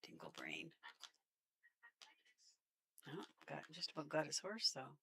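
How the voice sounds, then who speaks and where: Low, gravelly Canadian woman gaming. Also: a little fast. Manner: chatty, laughs often, talks to enemies. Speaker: game streamer. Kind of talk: casual gameplay commentary.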